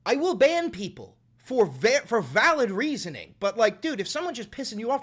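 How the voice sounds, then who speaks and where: A man's voice: sits high, big pitch swings, normal speed, few pauses, fairly bright tone. Cursing, exasperated streamer guy. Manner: profane, exasperated, scolding. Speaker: live streamer. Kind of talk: livestream rant at chat.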